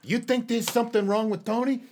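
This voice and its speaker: A man voicing a gruff, suspicious middle-aged mobster who talks in a confiding mutter. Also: very high-pitched, steady tone, a little fast, darkish tone, slight background noise, pitched above the performer's own voice.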